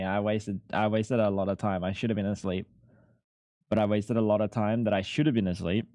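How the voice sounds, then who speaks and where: A man's voice: fairly low pitch, mellow, dry recording. A young man streaming live, chatting casually and rambling, swearing freely as he thanks viewers. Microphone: headset.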